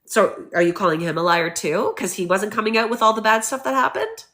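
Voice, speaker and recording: A woman vlogger giving opinionated casual commentary in an animated, emphatic way, acting out the people she quotes. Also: medium pitch, a little fast.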